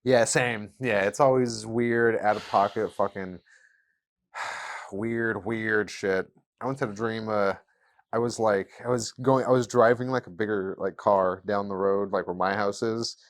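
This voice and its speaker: A young man co-hosting a casual podcast, trading quick, joking banter. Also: fairly low pitch, fairly even intonation. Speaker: podcast co-host. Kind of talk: casual chat.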